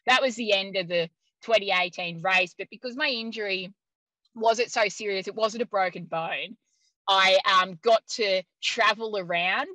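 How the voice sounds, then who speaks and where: A woman guest telling a story in casual conversation, lively, laughing often and using many "like" fillers. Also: mid-range voice, no room sound, rough recording. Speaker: interview guest.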